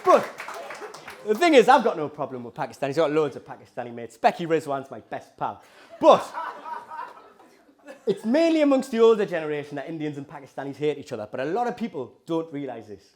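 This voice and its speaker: A male stand-up comedian with a Geordie accent works the audience in a chatty, provocative manner. His voice sits fairly high and moves animatedly up and down. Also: brisk, some chatter behind, a little hiss or hum. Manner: lively, provocative, conversational.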